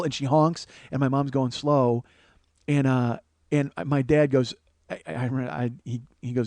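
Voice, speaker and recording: A man in his forties, a podcast host, telling a profane, animated comedic story. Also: mid-range voice, fairly quick, no echo. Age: 40s. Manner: profane, animated, restarts often.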